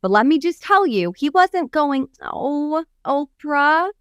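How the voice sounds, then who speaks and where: Woman coach, podcast co-host, animated storyteller, high voice, dry close recording. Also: normal speed, no echo. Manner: animated storyteller who acts out quotes. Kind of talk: casual podcast chat.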